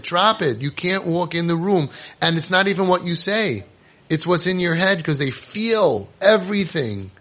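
A man's voice: high voice, a bit bright. Emphatic man coaching parents. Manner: emphatic and repetitive, with many restarts and quick asides; acts out short exchanges between parents and kids. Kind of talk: casual spoken lecture to parents.

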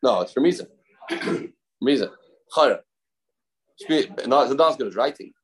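A man teaching a daily Talmud class, explaining quickly and mixing in Aramaic terms with frequent restarts. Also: medium pitch, animated, breathy edge, poor audio.

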